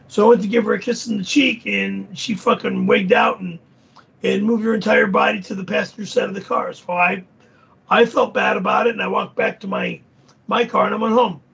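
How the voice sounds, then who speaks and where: A man voicing a laid-back surfer dude who rambles and stammers, with a gravelly, husky voice. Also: very high-pitched, fairly quick, lo-fi sound, heavily acted. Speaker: show regular.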